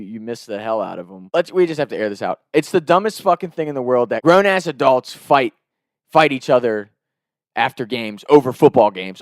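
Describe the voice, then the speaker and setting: Smooth-voiced man telling a casual story. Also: medium pitch, no echo, clean studio sound. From Ohio and Kentucky, US. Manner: loose, swearing, rambling with "like" fillers.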